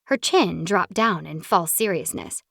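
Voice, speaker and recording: Brief: woman audiobook narrator, animated and expressive, slightly low voice, dry booth sound. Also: measured pace, gravelly, no room sound. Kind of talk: scripted romance narration.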